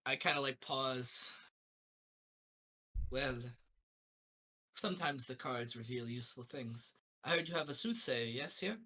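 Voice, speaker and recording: A man's voice: medium pitch, expressive, unhurried, pauses often, sharp tone, rough recording. A man playing in a tabletop game, hesitant and rambling as he speaks in character. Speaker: player. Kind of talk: tabletop role-play chat.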